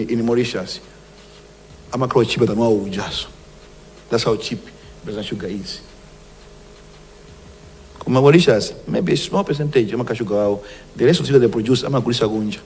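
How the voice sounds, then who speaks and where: A Malawian man speaks as a government minister, firm and emphatic as he lays out warnings. His voice sits in an ordinary middle pitch. It rings with a long reverb, like a large hall. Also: a little hiss or hum. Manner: emphatic, forceful warnings, switching between English and Chichewa. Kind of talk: public speech to press.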